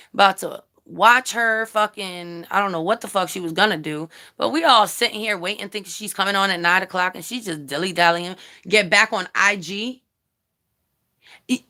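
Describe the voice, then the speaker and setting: A YouTube commentary vlogger with a medium-pitched voice that sounds pushed and bright. She rants hotly and bluntly on a casual stream, cursing freely while speaking directly to viewers.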